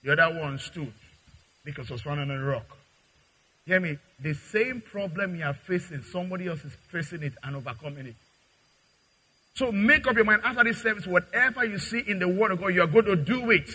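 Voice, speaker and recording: Man, pastor, sermon, high bright voice, husky, dramatic swings in loudness. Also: lively intonation, fairly quick, low-quality recording. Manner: preaching with dramatic acted-out dialogue and big swings in loudness.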